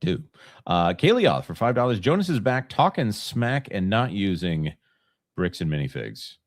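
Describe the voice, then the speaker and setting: A man's voice: on the low side, very animated, moderate pace, no room sound. A man co-hosting a casual live chat, reading out viewer messages and joking. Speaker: co-host.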